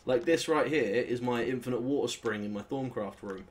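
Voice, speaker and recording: A young British man with a British accent, chatting and swearing casually as he plays through a modded game, with sudden excitable outbursts. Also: mid-range voice, normal speed, slight background noise. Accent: British English. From Britain. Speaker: gaming channel host. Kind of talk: casual Let's Play commentary.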